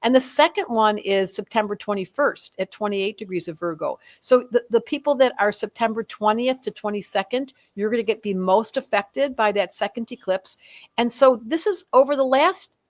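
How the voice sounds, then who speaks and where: A woman with a fairly high voice talks through a yearly astrology forecast in a loose, conversational way. She is animated and slips into quick quoted voices to act out each sign.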